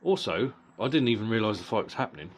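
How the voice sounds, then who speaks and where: A man's voice: fairly low pitch, sing-song, fast talker. A middle-aged man giving a casual, blunt boxing fight review, swearing freely and often repeating words as he goes. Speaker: boxing vlogger.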